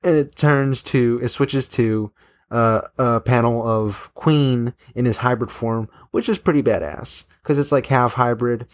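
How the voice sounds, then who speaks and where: A man's voice: medium pitch, steady tone, measured pace. Rambling young-sounding man recapping a comic. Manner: rambling with many fillers and restarts. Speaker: manga chapter reviewer. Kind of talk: casual recap, reading quotes aloud.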